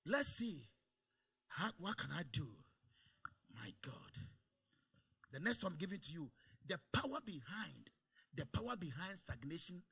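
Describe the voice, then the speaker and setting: A man preaching to a congregation with a high, very bright voice that cuts through the room. His tone is gravelly and husky, and he jumps from hushed asides to loud exclamations, calling out for amens. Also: moderate pace, pauses often. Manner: animated, shifts between quiet asides and loud exclaims. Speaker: pastor. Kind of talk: preaching a sermon. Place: church service.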